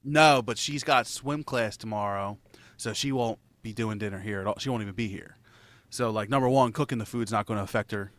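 A man's voice: fairly low pitch, brisk, fairly bright tone, dry recording. A man in casual chat, telling a rambling, profanity-laced story and laughing between lines.

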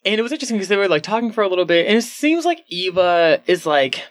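Chatty higher-pitched man, laughing often. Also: fast talker. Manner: chatty, animated, laughs often, filler-heavy. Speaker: podcast co-host. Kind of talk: casual book discussion.

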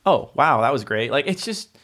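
Young man, casual podcast chat, mid-pitched voice, relaxed, swears, mimics voices. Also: normal speed. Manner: relaxed, swears freely, acts out quoted voices.

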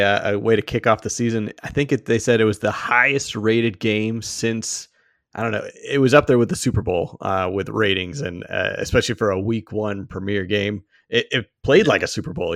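A man's voice: lowish voice, fairly bright tone, no room sound, clean studio sound. A man co-hosting a casual sports podcast, laid-back and playful, laughing often. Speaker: podcast co-host.

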